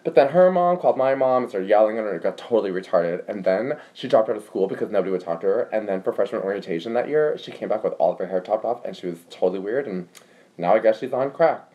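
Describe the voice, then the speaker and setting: A man's voice: on the low side, animated, fast talker, lo-fi sound, pitched below the performer's own voice, close to an everyday voice. A man voicing a catty, gossipy teenage girl who rules her school clique, with a dismissive valley-girl drawl. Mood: scornful. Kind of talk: fan monologue reenactment.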